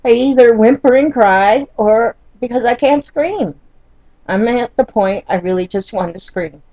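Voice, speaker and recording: Slow, emotional woman telling her story. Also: on the high side, mellow, dry recording, dull audio. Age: older. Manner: emotional, frustrated, often near tears; halting, with many fillers and restarts. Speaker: vlogger. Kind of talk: personal storytelling vlog.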